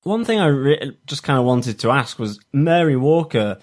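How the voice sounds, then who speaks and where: A man's voice: medium pitch, animated, normal speed. A man co-hosting a casual podcast review, talking enthusiastically with frequent restarts. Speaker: podcast co-host.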